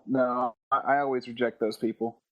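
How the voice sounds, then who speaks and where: A man's voice: medium pitch, little pitch movement, moderate pace, lo-fi sound, noisy background. A man co-hosting a podcast, explaining earnestly with stumbling starts. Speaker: podcast co-host. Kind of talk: casual chat.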